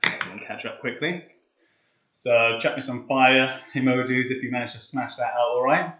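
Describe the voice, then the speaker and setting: Young man, fitness coach, out of breath, chatty, counting reps, mid pitch, echoey room. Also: fairly even intonation, moderate pace, bright, forceful tone. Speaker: fitness coach leading a live workout. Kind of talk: casual live-stream workout instruction. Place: hot flat, indoors.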